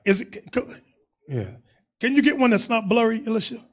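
A man's voice: very high-pitched, very animated, fairly quick. A man teaching a Bible class in an emphatic preaching manner, calling on readers and staff between points.

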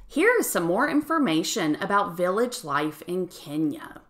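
A woman teacher reading a children's picture book aloud in an expressive storytelling manner. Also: lowish voice, a little slow, hardly any pauses. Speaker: third grade teacher.

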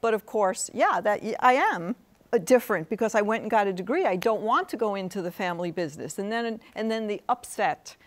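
A woman's voice: medium pitch, animated, a little fast. A woman professor speaking as a guest in a studio interview. She makes her points earnestly and keeps checking in with the listener by asking "right?".

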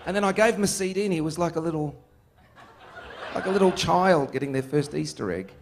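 A man, a musician being interviewed. He tells stories in an animated, joking way and laughs often. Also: a little high, brisk, gravelly, background noise. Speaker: musician guest. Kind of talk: casual interview storytelling.

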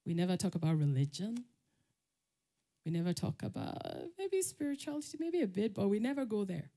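A woman with a Nigerian accent speaks fairly quickly in a warm, sing-song, mid-range voice. On a summit stage, she gives a conference talk built on personal stories, laughing often and acting out the voices she quotes.

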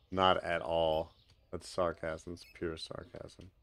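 A man's voice: low-pitched, flat delivery, takes it slowly, fairly bright tone. A man casually commenting on his own gameplay on a live stream, chatting with viewers and making sarcastic asides.

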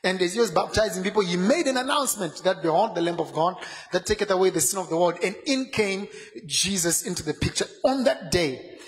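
A man's voice: sits high, fairly quick. Fervent preaching man in echoey hall. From Zimbabwe. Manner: fervent preaching, rising into shouts and sung phrases. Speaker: pastor. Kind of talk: sermon.

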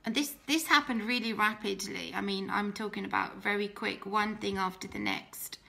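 A woman's voice: medium pitch, steady tone, normal speed, vocal fry, bright, forceful tone. A young woman tells her personal faith testimony in an earnest, heartfelt way, often restarting her sentences.

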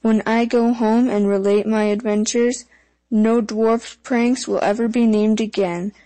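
A woman voicing a tiny, mischievous male water sprite with a shrill, gloating manner in a storybook reading. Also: steady tone, a little slow, warm tone, dry recording, natural voice, low-quality recording. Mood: gleeful. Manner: gloating, playful.

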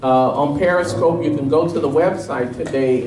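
Male pastor, fairly high voice, energetic call-and-response sermon, distant mic in a roomy sanctuary. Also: normal speed. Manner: call-and-response preaching, quizzing the congregation; energetic and emphatic, rising in pitch as he drives points home. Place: church sanctuary. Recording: echoey room, mic at a distance.

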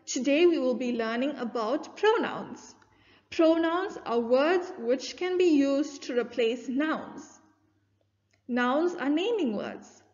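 A woman teaching an online grade one English lesson, speaking slowly and clearly and stressing key words. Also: sits high, darkish tone, no echo. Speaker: primary school teacher. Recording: dull lo-fi dry recording.

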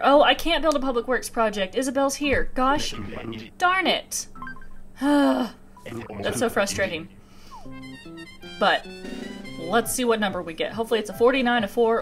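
A young woman in her twenties talking through a cozy video game, excitable and quick to giggle. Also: fairly high pitch. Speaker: gaming channel host. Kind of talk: let's play commentary.

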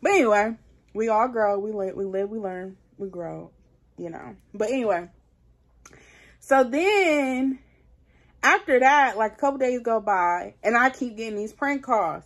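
A woman's voice: fairly high pitch, animated, measured pace. Chatty woman telling a storytime. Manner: chatty, slangy, talks straight to viewers. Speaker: vlogger. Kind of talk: casual storytime.

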